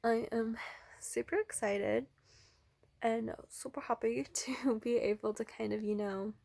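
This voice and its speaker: A young woman with a somewhat high, bubbly voice chats casually in a home vlog. She rambles with fillers and now and then dips to a near-whisper. The sound is dry and close. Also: fairly even intonation, unhurried, creaky, no echo. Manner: chatty and bubbly, with many fillers and some hushed asides. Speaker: vlogger and art teacher. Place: indoors at home, in a bedroom.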